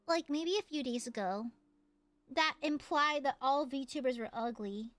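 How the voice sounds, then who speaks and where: A woman's voice: sits high, a little slow, a bit bright, no echo, faint music behind. A young woman streaming casually as a VTuber, playful and jokey, often breaking into laughs and squeals. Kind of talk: casual livestream chat.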